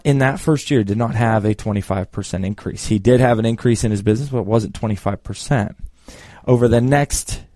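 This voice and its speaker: A man working as a business coach who tells a client story with lively re-enacted dialogue. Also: lowish voice, no room sound, clean studio sound. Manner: animated storyteller, acts out both sides of the dialogue. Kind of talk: storytelling talk.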